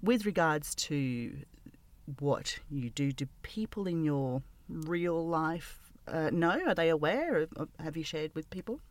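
A woman hosting a casual podcast interview, talking hesitantly with many pauses and restarts. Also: low-pitched, lively intonation, no room sound. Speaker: podcast host interviewing an audio creator.

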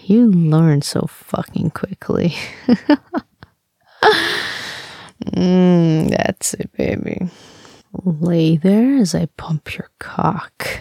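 A possessive, domineering captor, played by a young woman, speaks in a whispered role-play, husky and gravelly. She drawls very slowly with soft laughs and hums, her voice sitting low and close in a dry, dead room. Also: dry recording, heavily acted. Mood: teasing.

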